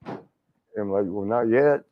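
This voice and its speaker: A man's voice: on the low side, unhurried. An older man telling a rowdy story in casual chat, laughing often, swearing and acting out quotes. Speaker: wrestling legend guest. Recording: dull lo-fi stream audio.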